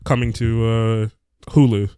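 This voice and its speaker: A man's voice: on the low side, steady tone, slow, mellow, smooth, no room sound. A man hosting a casual gaming podcast, swearing and laughing through teasing banter with his co-hosts. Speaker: podcast host.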